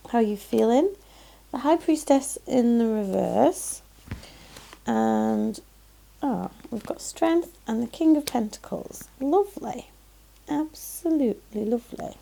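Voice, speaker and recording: A Yorkshire woman reads tarot cards aloud in a casual, gushing way, pausing on frequent "um"s. Her voice sits a little high with a mellow, soft tone, and her phrases often trail into a gravelly fry. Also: a little hiss or hum. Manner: chatty and effusive, frequent "um"s and "lovely". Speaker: tarot reader. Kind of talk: casual pick-a-card tarot reading.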